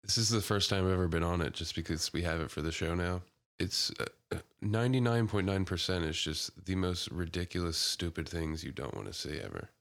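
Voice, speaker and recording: A man's voice: low voice, brisk, a bit bright. A young man co-hosting a podcast, laid-back in casual chat, swearing casually and laughing often. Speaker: podcast co-host.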